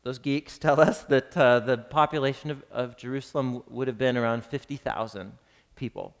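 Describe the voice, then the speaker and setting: A man's voice: mid-range voice, steady tone, normal speed. A man teaching a live class on a gospel text, chatting casually, quizzing his listeners and reading passages aloud with drama. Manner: conversational, quizzes the audience, reads scripture dramatically. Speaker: Bible teacher. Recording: long reverb of a large hall.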